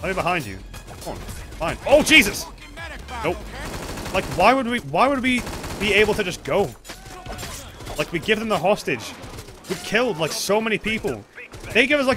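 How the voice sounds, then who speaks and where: A man streaming a co-op shooter game, commentating live with excitable outbursts, swearing and yelling at teammates. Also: high voice. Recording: game music and gunfire behind. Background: game music and gunfire.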